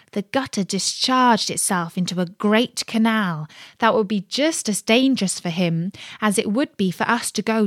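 A woman reading a fairy tale aloud with expressive, dramatic narration. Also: mid-range voice, dry recording, clean studio sound. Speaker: storyteller.

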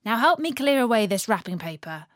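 A woman voicing a calm, scolding father in a storybook reading. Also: on the high side, fairly quick, dry recording, clean studio sound. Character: patient, scolding storybook dad.

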